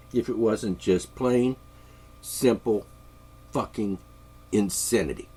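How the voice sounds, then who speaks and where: Stuffy-sinused sarcastic man, husky. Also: on the low side, slow pace, a little mellow. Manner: sarcastic, mocking, chuckling. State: congested with sinus trouble. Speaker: podcast host. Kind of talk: rambling political monologue. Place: home studio.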